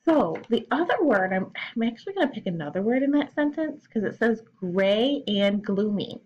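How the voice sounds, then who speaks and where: A woman's voice: a little high, big pitch swings, moderate pace, a little mellow, highs cut off. A young adult woman teacher giving a recorded lesson to children, explaining patiently and step by step.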